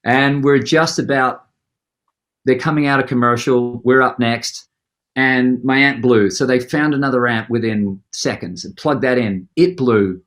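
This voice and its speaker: A man telling a story in an interview, lively and animated, acting out the other people's lines as he goes. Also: mid-range voice, measured pace. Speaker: musician guest.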